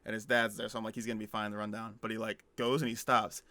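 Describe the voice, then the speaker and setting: A young man co-hosting a podcast tells a story in casual chat, animatedly acting out the quotes. His lowish voice races along, and there's no room sound.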